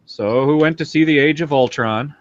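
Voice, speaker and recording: A man's voice: fairly high pitch, moderate pace, no room sound. A man hosting a tabletop game on a video call, chatting casually, joking and teasing, swearing freely. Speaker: game master and host. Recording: dull lo-fi video call audio.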